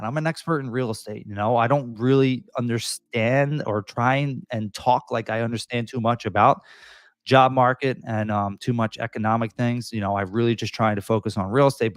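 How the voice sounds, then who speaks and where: A man with a Philadelphia accent hosting a casual real estate livestream at a computer mic. He rambles conversationally, circling back with "you know" and restarting sentences. His voice sits at an ordinary middle pitch, and the sound is dry and close, with no room around it. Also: brisk, dry recording.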